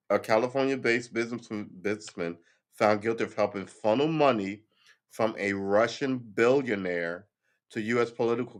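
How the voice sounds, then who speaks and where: Wry, low-voiced man musing on headlines. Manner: sarcastic, offhand, thinks aloud. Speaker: commentator reading news headlines. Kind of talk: casual live-stream commentary.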